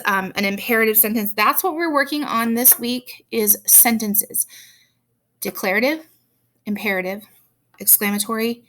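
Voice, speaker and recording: A woman's voice: medium pitch, sharp tone. A woman teacher explaining grammar and spelling to children in a chatty way, with many ums and worked examples.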